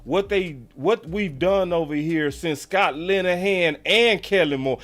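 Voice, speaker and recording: A man hosting a sports channel, talking excitedly, repeating himself and throwing in mocking exclamations. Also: sits high, unhurried, hardly any pauses. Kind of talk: animated live-stream commentary.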